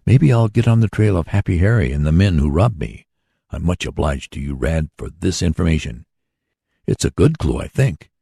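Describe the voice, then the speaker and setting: A man voicing an eager young male inventor in a storybook reading, brisk in manner. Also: deep voice, expressive, vocal fry, mellow, breathy edge, dry recording, studio quality, full character voice.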